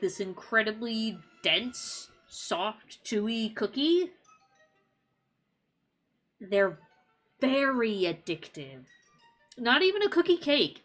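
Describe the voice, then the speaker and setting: A woman's voice: medium pitch, pushed and bright. A woman streamer chatting casually while gaming, rambling with many likes and ums. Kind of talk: casual gameplay chat.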